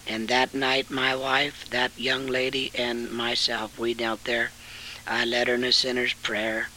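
An older man preaching a sermon, with sudden loud rises and quieter stretches of storytelling. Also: mid-range voice, monotone, a little slow, slight background noise, low-quality recording.

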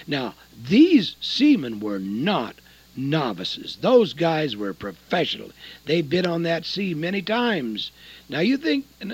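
An older man delivers a sermon in a husky, slightly breathy voice. His pitch roams widely, dropping to near whispers and then leaping up in loud, folksy bursts. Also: low-quality recording. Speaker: preacher.

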